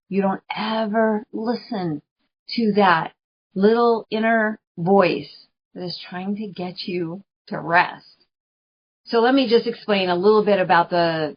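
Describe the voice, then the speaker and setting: A woman's voice: on the low side, slight background noise. Chatty woman coaching, dull lo-fi sound. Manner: chatty and earnest, laughs often, repeats phrases for emphasis. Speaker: podcast host. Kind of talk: spiritual coaching monologue. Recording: dull lo-fi recording.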